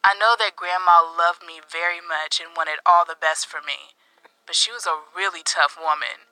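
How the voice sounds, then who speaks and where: A narrator voicing a woman who recounts her hard childhood in scripted first-person storytelling, read in an even, earnest way. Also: mid-range voice, normal speed, dry recording, rough recording.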